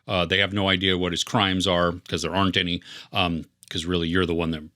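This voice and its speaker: A man's voice: deep voice, flat delivery, fairly quick, sharp tone, no room sound, clean studio sound. A man co-hosting a casual movie review podcast, earnest and rambling, with many fillers and restarts. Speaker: podcast co-host.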